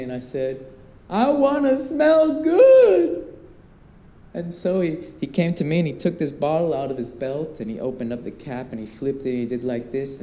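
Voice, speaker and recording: A man performing a theatrical storytelling monologue, animated and swinging between hushed and excited tones. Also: mid-range voice, a little hiss or hum. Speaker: performance artist. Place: performance space with live visitors. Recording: roomy echo.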